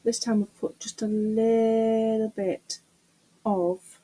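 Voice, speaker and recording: A middle-aged craft vlogger chats casually to camera while doing a resin craft, muttering to herself and teasing herself about her mess. Her voice is a little high, level, slow, and dark, and the recording is rough.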